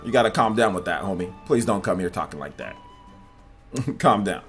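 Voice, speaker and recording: A man streaming gameplay live, talking to his chat in an animated, repetitive way. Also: lowish voice, moderate pace, soft background music. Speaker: gaming livestreamer.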